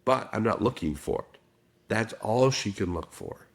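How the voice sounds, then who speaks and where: A man's voice: lowish voice, expressive, normal speed, gravelly. A middle-aged man, a guest expert in a podcast interview, telling stories and acting out quotes. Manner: storytelling with acted quotes.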